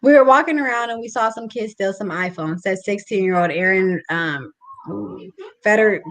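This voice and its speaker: Woman, podcast co-host, casual talk, news read aloud, relaxed, occasional stumbles over names. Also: mid-range voice, moderate pace, dry recording, poor audio. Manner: relaxed, chatty, stumbles over unfamiliar names while reading. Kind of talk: casual chat and reading news articles aloud.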